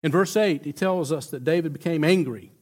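Pastor, man, high voice, chatty emphatic sermon, stumbles and restarts. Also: a little mellow. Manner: conversational and emphatic, with halting restarts.

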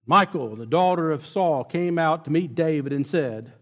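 A man's voice: a little high, normal speed, hardly any pauses, fairly bright tone. A man preaching a sermon, telling a story with emphatic builds and frequent restarts.

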